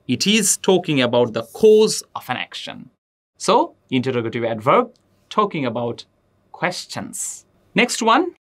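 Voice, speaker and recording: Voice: medium pitch, a bit bright. A teacher giving a grammar lesson, addressing students directly and repeating example sentences with emphasis. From Bangladesh. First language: Bengali.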